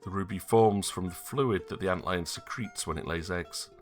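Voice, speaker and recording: Man voicing a soft-spoken grieving young prince. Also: low-pitched, normal speed, faint music behind, close to an everyday voice. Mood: earnest. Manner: soft and pleading. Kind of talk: reading game dialogue aloud.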